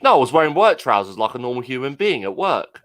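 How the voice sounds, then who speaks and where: A man bantering with friends, his voice bright and forceful with a lively, swinging pitch. He teases and jokes at an easy conversational clip. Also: quick pace. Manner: teasing banter. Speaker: truck driver. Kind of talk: casual chat.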